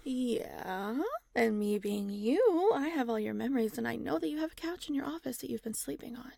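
A woman plays a playful, uninhibited clone who teases and coaxes, often dropping into a whisper. Her voice is slightly high and heavily gravelly with fry. It is recorded close and dry. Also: expressive, normal speed, dark tone, no room sound, heavily acted. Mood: seductive. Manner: teasing, seductive, often whispered. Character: teasing, uninhibited female clone of the scientist. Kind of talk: erotic audio role-play.

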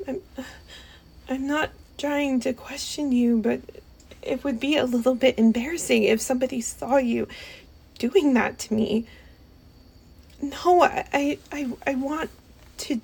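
A woman's voice: high-pitched, creaky. A young woman performing a one-sided audio role-play, pleading and hesitant, stammering and often sinking into whispers.

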